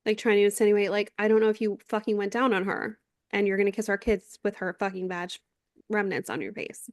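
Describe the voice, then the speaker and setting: A podcast co-host in her thirties, with a medium-pitched, fairly even and brisk voice, recaps a reality show in casual chat. She tells a story, acts out quotes, and swears freely, all in clean studio sound with no room noise.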